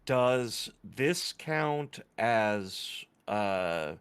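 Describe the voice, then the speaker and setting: A man's voice: lowish voice, animated, drawn-out words, clean tone. A man playing in a tabletop game, checking the rules with questions. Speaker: player.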